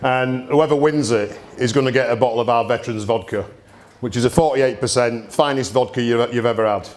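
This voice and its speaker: A man's voice: medium pitch, brisk. A man hosting a live gin tasting event, talking bluntly to the audience with cheeky banter. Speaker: gin distillery host. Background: audience murmur and laughter.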